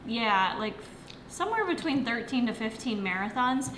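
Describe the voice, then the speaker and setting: Young woman, fitness coach, casual livestream chat, bright voice, high-ish, lots of fillers, echoey room. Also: very animated, moderate pace, slight background noise. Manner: chatty, lots of fillers, talks while eating. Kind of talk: casual chat, answering viewer questions. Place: home, near the kitchen.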